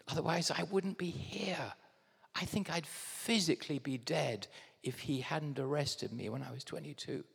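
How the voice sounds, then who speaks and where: An English pastor preaches in a voice pitched a little high, carried by the long reverb of a church hall. He talks straight to the room, calling them "guys", swinging between quiet, intimate asides and sudden excited outbursts. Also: a little slow, gravelly, husky. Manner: animated preaching, swinging from hushed to loud bursts; addresses congregation directly as guys. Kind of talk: sermon.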